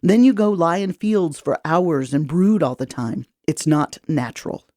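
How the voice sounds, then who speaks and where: A woman's voice: deep voice, a little slow, mellow, no room sound, studio quality. A woman reading the part of an aging nobleman father who lectures his daughter in a stern, weary way. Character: gruff worried aging male nobleman father.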